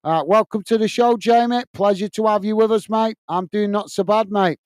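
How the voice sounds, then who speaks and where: Chatty man hosting, clear voice. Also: sits high, normal speed, no echo. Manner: casual, reads out viewer comments, many fillers. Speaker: host. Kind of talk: live football watch-along chat.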